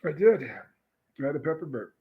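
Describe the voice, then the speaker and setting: A man co-hosting a casual livestream, tossing in wry quips and loud reactions. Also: a little high, big pitch swings, normal speed, phone-quality sound.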